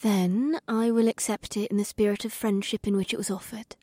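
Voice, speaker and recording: A man voicing a serene young female orc shaman who speaks in an airy, breathy voice. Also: high voice, a little fast, no room sound, clean studio sound, voice pushed up. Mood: gentle. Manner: calm, gentle, serene.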